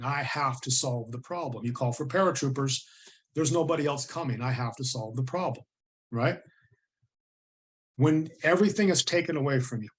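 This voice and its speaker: A middle-aged guest from the United States shares his story on an interview show, speaking earnestly and vividly and performing the voices of the people he quotes. He has a mid-range voice.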